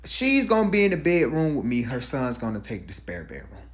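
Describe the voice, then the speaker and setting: A man's voice: mid-range voice, wildly swooping pitch, fairly quick, few pauses. A man telling a personal story in a casual, conversational way, with rhetorical asides.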